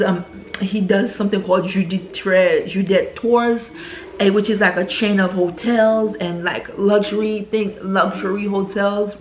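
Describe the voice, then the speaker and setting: A woman's voice: medium pitch, a little hiss or hum. A woman casually recapping a film plot, often checking in with the listener as she goes. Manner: chatty, frequently checks in with "right?". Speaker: film reviewer. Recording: echoey room.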